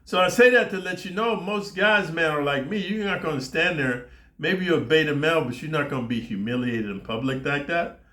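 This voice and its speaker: A man's voice: on the high side, a little fast, bright, forceful tone. A middle-aged man telling a story in a brash, foul-mouthed rant for his channel, often dropping "man" and "dude". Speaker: YouTube storyteller. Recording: roomy echo.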